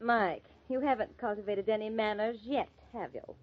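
An actress playing a haughty, affected film star in a 1940s radio drama. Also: female voice, medium pitch, moderate pace, natural voice. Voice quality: lofty, affected. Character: haughty glamorous female film star, young adult. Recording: muffled old radio recording.

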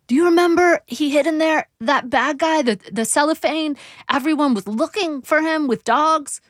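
A woman voicing an elderly father with dementia who speaks in halting, curt bursts and turns suspicious. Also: high-pitched, dry recording, voice pushed up, lightly acted. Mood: puzzled. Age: over 60.

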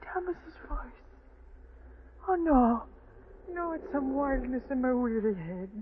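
A woman's voice: sits high, lively intonation, moderate pace, a little hiss or hum. Radio drama: sorrowful old mother, trembling, pleading; tinny old broadcast. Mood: fearful. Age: older. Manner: trembling, pleading, sobbing delivery. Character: grieving old Irish mother, frantic and sorrowful. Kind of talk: 1940s radio acting.

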